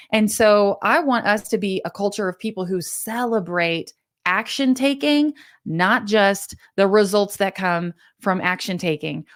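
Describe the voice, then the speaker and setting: A woman from Kansas hosting a motivational podcast, telling stories in an earnest, encouraging way with frequent restarts. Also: medium pitch. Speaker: podcast host and business coach.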